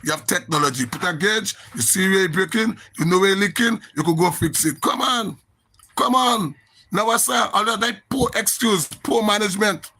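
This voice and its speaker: A man's voice: high-pitched, brisk, few pauses, bright, forceful tone. A man with a Grenadian accent ranting on a live social media stream, emphatic and repetitive, sounding exasperated.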